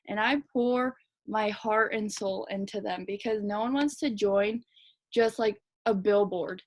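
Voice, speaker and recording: A young woman team leader giving a fast, chatty, energetic motivational talk to her team. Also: medium pitch. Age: young adult. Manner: fast, chatty, energetic, lots of "like" and "you guys". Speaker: direct sales team leader.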